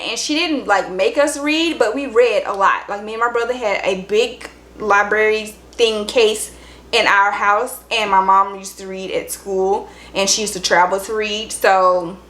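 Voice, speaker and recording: A woman's voice: mid-range voice, a bit bright. A young woman, chatting upbeat and directly to her viewers in a casual vlog. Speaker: vlogger. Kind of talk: casual chat to camera. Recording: roomy room echo.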